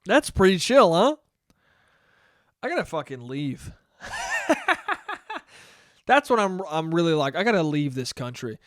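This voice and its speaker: A man's voice: on the high side, big pitch swings, moderate pace, fairly bright tone, dry recording, studio quality. A man in his twenties hosting a casual solo podcast, rambling and swearing as he laughs at his own jokes. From United States. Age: 20s. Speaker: podcast host.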